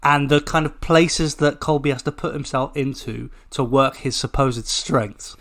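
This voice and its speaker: A man co-hosting a sports podcast in casual chat, measured and analytical, often breaking off and restarting. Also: mid-range voice, fairly bright tone. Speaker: podcast co-host.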